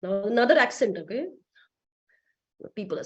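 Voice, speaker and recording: High-voiced woman giving a pep talk. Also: moderate pace, muffled recording. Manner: lively, acts out quoted voices, rhetorical questions. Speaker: motivational speaker. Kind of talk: motivational talk to a business team.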